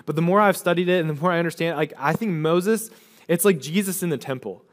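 Higher-voiced chatty pastor preaching. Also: male voice, quick pace. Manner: casual storytelling, retells scripture in everyday chatty paraphrase; animated, acts out the figures' words in his own voice. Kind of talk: sermon.

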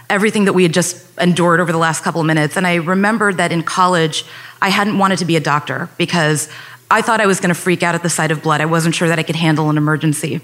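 On stage, a young adult woman tells a personal story in an earnest, reflective way, speeding up as she recalls tense moments. Her voice is fairly low-pitched with a fairly bright tone.

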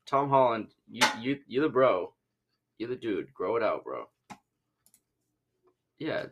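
A man's voice: medium pitch, very animated, slow, lo-fi sound, background noise. A young man co-hosting a podcast in casual, rambling, profane chat. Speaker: podcast co-host.

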